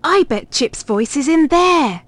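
Eager pet dog as a woman puts him on, curious, slow and raised in pitch. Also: expressive, fairly bright tone, no echo. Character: curious excitable male family pet dog.

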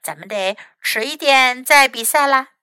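A woman's voice: sits high, moderate pace, clean tone, no echo, clean studio sound. Woman playing Fox, an eager young boy fox. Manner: excited, boastful.

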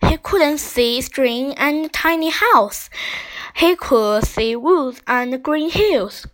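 High-voiced woman reading a children's book slowly. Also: lively intonation, a bit bright, low-quality recording. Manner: slow, careful reading with small slips. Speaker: storyteller.

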